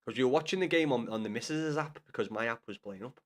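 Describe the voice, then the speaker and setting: A young man banters loudly with chat on a live gaming stream, talking casually and swearing often. His voice is mid-range, and he talks fast.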